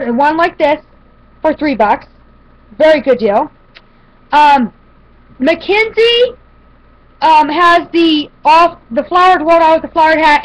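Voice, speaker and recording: A woman chatting casually to camera as she shows a shopping haul, rambling with fillers and restarts. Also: high voice. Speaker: vlogger showing a shopping haul. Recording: dull lo-fi home video audio.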